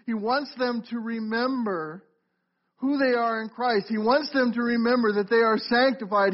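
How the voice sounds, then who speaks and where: A middle-aged pastor with a strikingly high voice preaches from the pulpit in a church sanctuary. He keeps it conversational, often turning to ask the congregation questions, and the recording is muffled and lo-fi.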